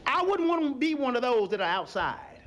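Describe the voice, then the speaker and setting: Speaking briskly in a very high voice, a man preaches to his congregation in a church sanctuary. His sermon is animated, full of acted-out voices and scenes, and he draws the congregation into call-and-response.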